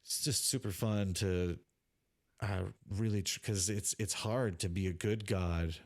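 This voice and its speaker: A man's voice: lowish voice, steady tone, measured pace. A man co-hosting a casual podcast chat, rambling and restarting his sentences often. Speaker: podcast co-host.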